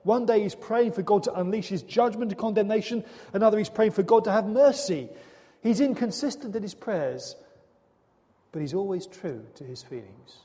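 Male preacher, high pitched, earnest and questioning, reverberant hall sound. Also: animated, normal speed, warm tone. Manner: earnest, dramatic, with rhetorical questions. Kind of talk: sermon.

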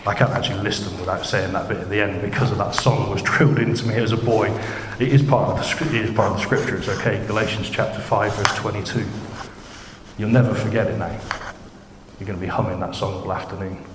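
A man delivers an informal sermon with a fairly low voice, talking to his congregation as if in a chat and checking in with quick questions. The recording is roomy, with a long hall reverb and steady noise underneath. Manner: chatty, conversational, asks the congregation questions. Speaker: preacher. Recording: echoey hall with background noise.

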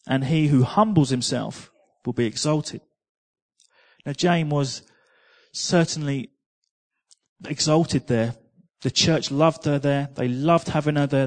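A man preaching a sermon, telling a personal testimony in a chatty way, with repeated words and small laughs. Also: fairly high pitch.

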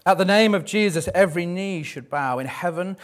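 A man in his thirties delivering a church sermon with a slightly high voice. He talks in a relaxed, conversational way, slipping in jokes and frequent ums between points. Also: brisk. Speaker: preacher. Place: church service.

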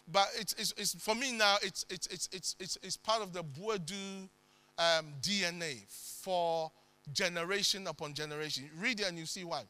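A male preacher with a high, piercing, very bright voice, recorded dry and close. He delivers a sermon with dramatic swings that break into sudden loud bursts. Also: no room sound.

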